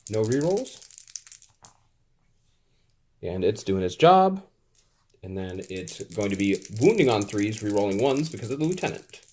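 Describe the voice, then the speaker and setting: A man's voice: lowish voice, big pitch swings, a little slow, pauses often, darkish tone. A man playing a tabletop wargame, narrating his dice rolls in a casual, playfully exasperated way, with little sound effects as he rolls. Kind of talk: casual play-by-play of a tabletop game.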